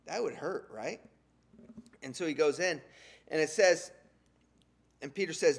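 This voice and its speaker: A man delivers a sermon in a relaxed, conversational way. He retells the scripture with lively, slangy paraphrases and keeps his voice at an ordinary middle pitch. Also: moderate pace. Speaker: preacher.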